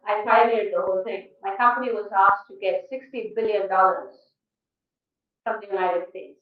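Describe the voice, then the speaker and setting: A woman with an Indian English accent giving a guest lecture at a college, firing rhetorical questions at the class in an emphatic, animated way. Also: on the high side. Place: lecture hall. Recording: echoey hall, distant dull mic.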